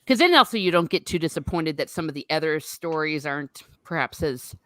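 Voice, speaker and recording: A woman with a lowish voice recorded close and dry. She retells favorite scenes in enthusiastic detail, in an easy, chatty way. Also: lively intonation, fairly quick, a bit bright, no echo. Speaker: podcast co-host. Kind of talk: casual chat.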